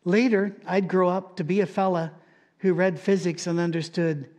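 Wry storytelling male preacher, higher voice. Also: fairly even intonation, moderate pace, a little mellow. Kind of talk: sermon.

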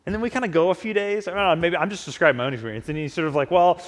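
A man gives a sermon in a casual, conversational way, often slipping into imagined dialogue. His voice sits a little higher than most men's and carries a long reverb, as in a church sanctuary. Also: lively intonation, rapid-fire, fairly bright tone. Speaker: pastor.

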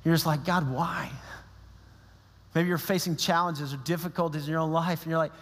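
A pastor delivers his sermon in a chatty, lively way, slipping into quoted asides from the people he describes. His voice sits high for a man, and the sound carries the long reverb of a church sanctuary. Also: quick pace. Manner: conversational, animated preaching with quoted asides.

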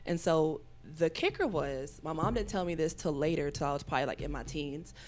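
A woman telling a long personal story as a podcast guest, rambling with fillers and acting out other people's voices with big jumps in pitch. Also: animated, brisk, a little mellow, slight background noise. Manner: talks in rambling runs with many fillers.

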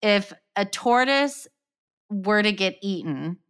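A woman's voice: medium pitch, expressive, slow pace, a bit bright, clear, resonant tone. A woman hosting a casual interview, reading out questions steadily and laughing often. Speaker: podcast host.

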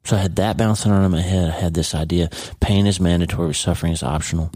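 A man's voice: low-pitched, steady tone, fast talker, warm tone, no echo. A middle-aged man hosting a podcast, talking earnestly and heartfelt straight to his listener in a personal monologue. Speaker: podcast host.

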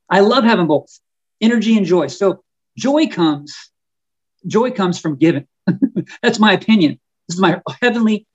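A man, an author and guest on a podcast, talking in a fervent preaching style, often repeating words and slowing down on key words. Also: sits high, lo-fi sound. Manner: fervent and emphatic, stretching key words slowly; frequent stumbles and repeated words. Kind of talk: preaching-style conversational talk.

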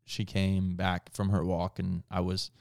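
A man with a fairly low voice talks through a casual faith conversation in an earnest way. He often trips, restarts and corrects himself mid-thought. The sound is dry and close, with no room around it. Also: completely flat delivery, unhurried, vocal fry, a little mellow, clear, resonant tone, dry recording. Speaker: podcast co-host.

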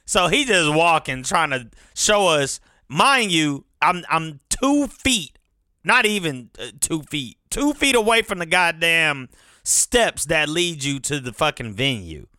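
A man's voice: on the high side, sing-song, slow, pushed and bright, no echo, clean studio sound. A man telling a rambling, profane story in casual vlog style. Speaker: vlogger.

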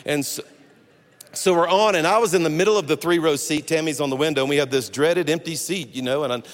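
A man's voice: fairly high pitch, fast. Man preaching in an echoey hall. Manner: animated, jokey storyteller with many restarts. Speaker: pastor. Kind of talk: storytelling sermon.

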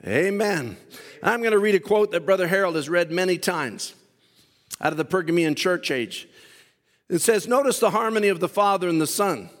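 Male preacher, high voice, fervent, shouts and stretches lines, church reverb. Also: lively intonation, moderate pace. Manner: fervent, shouting and drawing out phrases. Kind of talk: sermon. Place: church sanctuary.

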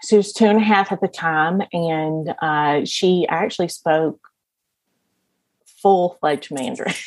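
A woman's voice: on the low side, a little mellow, no echo. A woman guest on a podcast, telling her story in a casual, rambling way, often laughing and restarting her sentences. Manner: laughs often while talking; rambling, with many fillers and restarts.

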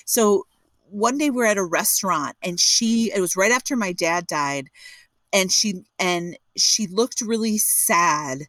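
A woman co-hosting a podcast in casual conversation, telling stories in an animated, emphatic and frank way. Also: mid-range voice, measured pace, no room sound. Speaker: podcast co-host.

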